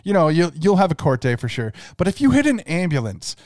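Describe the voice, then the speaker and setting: A man's voice: on the high side, sing-song, brisk, a little mellow, no echo, studio quality. Laid-back man co-hosting a podcast. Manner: laughs often, acts out quoted voices in stories. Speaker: podcast co-host. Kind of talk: casual chat.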